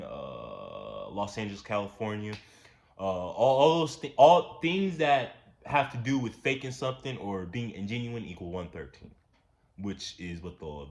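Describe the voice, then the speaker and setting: A man giving a casual, profane, ranting commentary, repeating himself and getting louder when worked up. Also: low voice. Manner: animated, repetitive, profane, rising to near-shouts when worked up. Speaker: commentary channel host.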